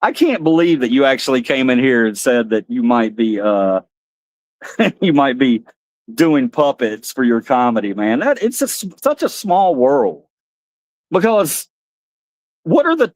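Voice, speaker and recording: A man's voice: medium pitch, animated, a little slow, dry recording. A man hosting a live stream in loose, joking chat, laughing at himself.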